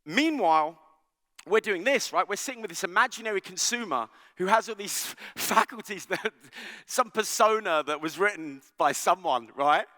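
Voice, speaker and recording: A man delivers an animated conference keynote with a high, lively voice that swoops up and down. He talks in a bright, joking and conversational way, often checking in with the audience. His voice carries a long reverb from a large hall. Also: normal speed. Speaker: conference speaker. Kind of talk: keynote talk.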